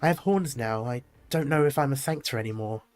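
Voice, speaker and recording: A man's voice: mid-range voice, a little fast, faint music behind, natural voice. A man reading as a grief-stricken young winged woman. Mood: anguished. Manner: reading the lines aloud, mostly plain.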